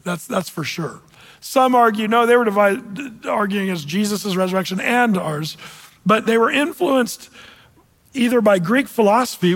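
High-voiced pastor preaching in a hall. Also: male voice, husky. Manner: casual, conversational preaching with fillers. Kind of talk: sermon.

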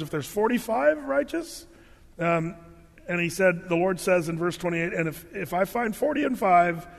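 A pastor with a high voice preaches a sermon and reads scripture aloud, animated and humorous, briefly acting out the biblical figures in his own voice. The recording has a big-room sound.

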